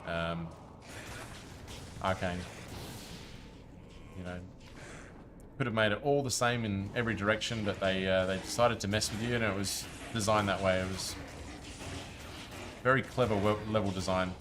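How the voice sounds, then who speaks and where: A man's voice: lowish voice, moderate pace, pauses often, noisy background. A man streaming a game, chatting casually with his viewers while he plays. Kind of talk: casual live-stream commentary.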